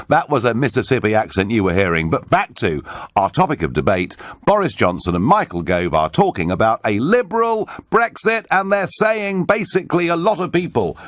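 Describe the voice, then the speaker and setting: Emphatic radio host, lively swings. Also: male voice, medium pitch, no echo. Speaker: radio talk show host. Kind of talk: talk radio interview and phone-in. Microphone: studio microphone.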